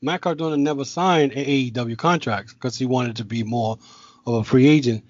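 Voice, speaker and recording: A man's voice: medium pitch, moderate pace, darkish tone, no room sound, lo-fi sound. Rambling man on a casual podcast. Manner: rambling, with many restarts and filler. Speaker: podcast host. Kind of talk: casual chat.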